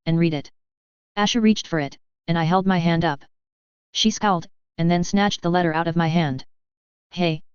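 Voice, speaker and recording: Smooth-voiced woman reading fan fiction. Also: on the low side, darkish tone, dry recording, muffled recording. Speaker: reader.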